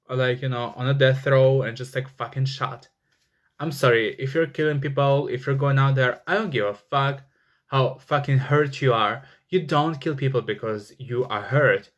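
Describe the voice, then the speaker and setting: A man giving a casual tarot reading, rambling with many fillers and flaring into angry swearing. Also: mid-range voice. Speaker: tarot reader.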